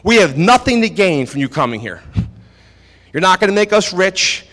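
High, lively male preacher in echoey hall. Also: moderate pace. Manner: emphatic, repeats phrases for stress. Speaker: pastor. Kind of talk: sermon. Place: church service. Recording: echoey hall with long reverb.

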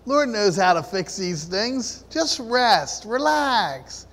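Man giving testimony, high voice, chatty and laughing, long hall echo. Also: sing-song, slow pace, a bit bright. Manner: chatty, laughs through his story. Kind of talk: casual storytelling testimony. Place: church service. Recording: echoey hall with long reverb.

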